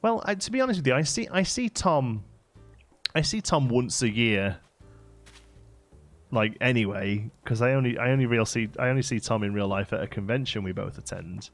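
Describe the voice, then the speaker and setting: A man from England, rambling casually as he hosts a game livestream and answers his chat. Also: fairly low pitch. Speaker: livestream host.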